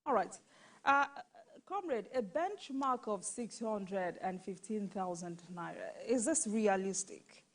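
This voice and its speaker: A woman's voice: mid-range voice, lively intonation, slow. Woman hosting a tv news interview, presses her guest with pointed questions. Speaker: news anchor.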